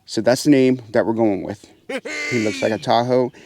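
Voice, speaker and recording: A man's voice: mid-range voice, moderate pace, a little mellow, slight background noise. Chatty man coaxing his birds. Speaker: pheasant farmer and channel host. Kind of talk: casual vlog narration while doing chores. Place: outdoor aviary pens.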